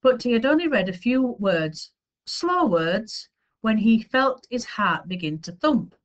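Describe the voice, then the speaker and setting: Lady reading a kids' book aloud, really lively up-and-down voice. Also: on the high side, a little slow, lo-fi sound. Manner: expressive storytelling. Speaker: story reader.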